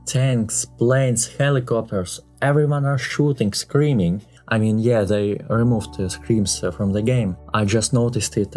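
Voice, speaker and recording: A man's voice: mid-range voice, darkish tone. Passionate male game reviewer. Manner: passionate, opinionated, with frequent "uh" fillers and non-native phrasing. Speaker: gaming YouTuber.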